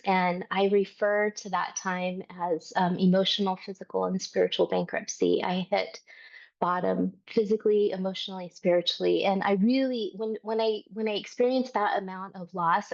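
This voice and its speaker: An earnest woman welcomes her class as lead trainer, speaking with open emotion and plenty of ums. Her voice sits at a middling pitch. The audio is dull and lo-fi, like an online call. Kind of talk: heartfelt class introduction.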